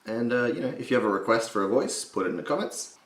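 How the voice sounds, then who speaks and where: A man with a slight gravel in his voice, giving a casual, jokey voice impression tutorial and swearing freely. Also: mid-range voice, fast talker. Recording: roomy echo.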